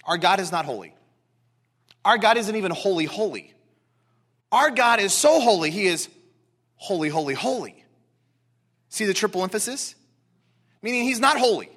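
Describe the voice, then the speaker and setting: A man preaching a sermon to a congregation in an animated, emphatic way, repeating words for stress. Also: sits high, moderate pace, pauses often. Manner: excitable, talks directly to congregation. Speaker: pastor.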